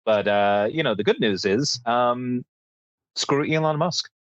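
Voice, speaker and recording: An American man co-hosting a podcast, talking about the news in an animated, sarcastic way. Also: mid-range voice, a little slow, dry recording, highs cut off. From United States. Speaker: podcast co-host. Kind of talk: casual news chat.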